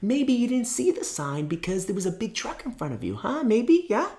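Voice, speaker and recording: A man voicing a patient woman judge who asks quiet, drawn-out, coaxing questions. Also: high-pitched, big pitch swings, voice pushed up.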